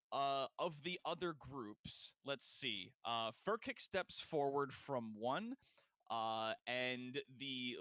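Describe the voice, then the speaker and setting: A man's voice: medium pitch, fairly bright tone, dry recording. A man narrating a tabletop game as game master, rambling with many fillers.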